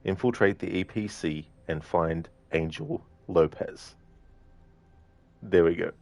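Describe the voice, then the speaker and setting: Giggly low-voiced male streamer. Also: takes it slowly, creaky, a little mellow, no room sound. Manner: giggly, chatty, reading chat aloud. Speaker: game streamer. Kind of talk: live gameplay stream chat.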